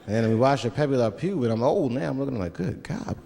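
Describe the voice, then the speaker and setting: A man performing stand-up comedy on stage, telling profane, animated stories. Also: medium pitch, fast, gravelly. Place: comedy stage before live audience. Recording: live stage hall with crowd.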